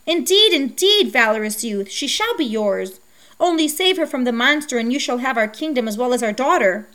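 A frantic old king from a storybook, loud and urgent in his formal speech, as a woman reader puts him on. The voice climbs high and strains, well above her usual reading. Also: lively intonation, moderate pace. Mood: pleading.

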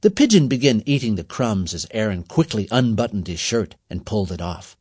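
This storybook reading comes from a husky-voiced man narrating with measured expression. His pitch is highly animated, climbing and dipping within each sentence. The sound sits dry and up close, free of any room sound.

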